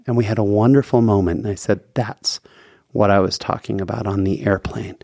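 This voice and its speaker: A man's voice: fairly low pitch, steady tone, fairly quick, creaky, mellow, no echo, clean studio sound. A man hosting a podcast, telling a personal faith story in an earnest, heartfelt way. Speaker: podcast host.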